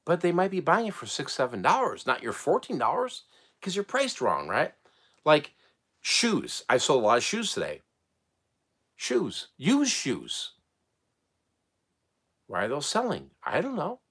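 A middle-aged man giving casual advice as a channel host, blunt and animated, swearing casually and laughing often. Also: fairly high pitch, a little slow, long pauses, breathy edge. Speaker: eBay reseller and channel host.

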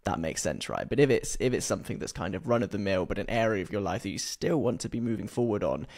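A man's voice: fairly low pitch, lively intonation, fast talker, darkish tone. A man hosting an interview, asking long, probing questions that he builds up clause by clause. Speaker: podcast host.

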